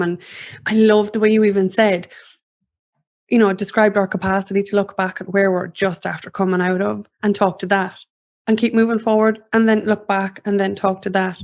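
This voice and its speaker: Woman hosting in a flat steady voice. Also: mid-range voice. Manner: steady, even delivery with frequent "um" fillers. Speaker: host. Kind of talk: interview, reading a post aloud.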